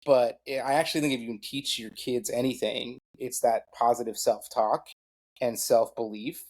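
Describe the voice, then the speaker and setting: A man's voice: medium pitch, steady tone, moderate pace, darkish tone. A middle-aged man, a guest on a podcast, talking casually about sports in a rambling way full of fillers and self-deprecating asides. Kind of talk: casual conversation.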